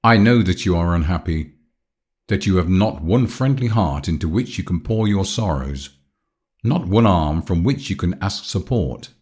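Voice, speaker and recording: A narrator voicing an ardent young man who speaks earnestly and insistently, in a deep voice. This is an audiobook character voice. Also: expressive, moderate pace, darkish tone.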